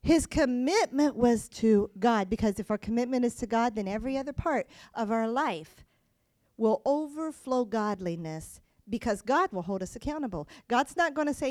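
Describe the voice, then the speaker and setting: High-voiced woman preaching a sermon. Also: normal speed, no echo, clean studio sound. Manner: animated, acts out voices, swings between soft and loud.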